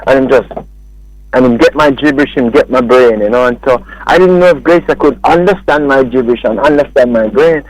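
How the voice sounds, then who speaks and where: A man's voice: medium pitch, fairly quick, dry recording, low-quality recording. A man with a Jamaican accent, a music producer talking as a guest in a casual radio interview, telling stories animatedly and acting out what others said. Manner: animated storytelling that acts out quoted speech. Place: radio studio.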